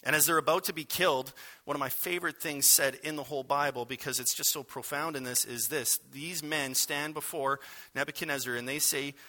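A man's voice: on the high side, fairly even intonation, a little fast, sharp tone. A man giving a sermon as pastor, conversational and wry, with frequent asides to the congregation.

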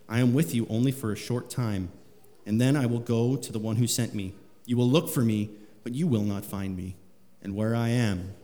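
A man preaching a sermon, reading scripture aloud with rising emphasis. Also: mellow. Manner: rises in pitch and volume when reading scripture aloud. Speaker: pastor. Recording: long hall reverb.

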